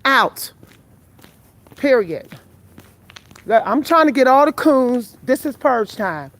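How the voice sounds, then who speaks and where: Out on a night street walk, a tired woman in her forties films a live vlog on her phone, out of breath as she talks bluntly and profanely to viewers. Her high-pitched voice is very animated but slow.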